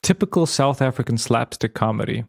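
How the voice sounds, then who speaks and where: A man co-hosts a casual podcast, retelling movie scenes with lively, acted-out lines and frequent laughter. His voice sits at a middle pitch. The sound is dry and close. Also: brisk, gravelly, slightly rough, no echo. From former Yugoslavia. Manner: animated retelling, acting out scenes, laughs often. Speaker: podcast co-host. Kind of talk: casual chat.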